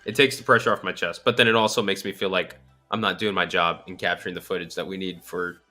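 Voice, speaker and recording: A man's voice: low voice, steady tone, quick pace, sharp tone, faint music behind. A tired man hosting a casual chat, rambling with many fillers. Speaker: channel host.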